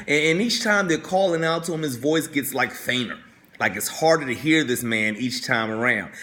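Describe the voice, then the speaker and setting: A man's voice: medium pitch, animated, moderate pace, pushed and bright. A male coach telling a story in a motivational talk, talking conversationally, repeating words and often asking "right?". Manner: conversational, keeps checking in with "right?".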